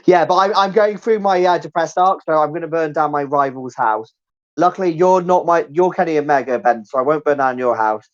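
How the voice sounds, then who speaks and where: A man's voice: fairly high pitch, brisk, highs cut off. A man co-hosting a podcast, bantering casually in a jokey, rambling way. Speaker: podcast co-host. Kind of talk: casual banter among friends.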